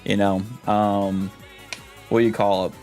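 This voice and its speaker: A man's voice: fairly low pitch, little pitch movement, a little slow, darkish tone, soft background music. A young man chatting casually on a stream, rambling and trying out silly voices.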